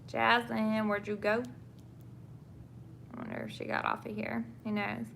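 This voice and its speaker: This young nurse and vlogger's mid-range, gravelly voice is a bit bright and swings hugely in pitch, her pace a little slow. While putting on makeup, the Southern US-accented woman from England casually answers viewer questions about nursing, full of fillers and restarts. A little hiss or hum sits in the recording.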